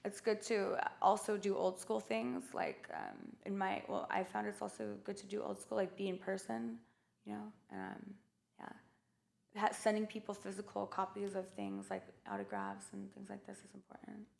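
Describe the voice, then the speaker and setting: A woman's voice: medium pitch, expressive, moderate pace, creaky, a little mellow. A woman being interviewed, telling stories casually with lots of fillers and quoted dialogue. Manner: chatty storyteller, many fillers. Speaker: interview guest.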